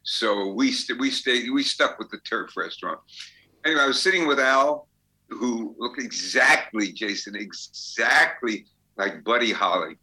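Bright-voiced older male storyteller. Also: medium pitch, a little slow, low-quality recording. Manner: chatty storyteller, laughs as he talks. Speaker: songwriter guest. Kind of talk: anecdotal interview.

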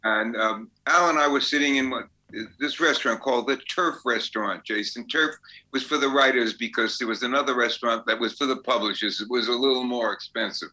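An older songwriter telling rambling anecdotes in a casual interview. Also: male voice, mid-range voice, fairly quick, bright, forceful tone, poor audio. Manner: rambling anecdotes with fillers and restarts. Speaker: songwriter guest.

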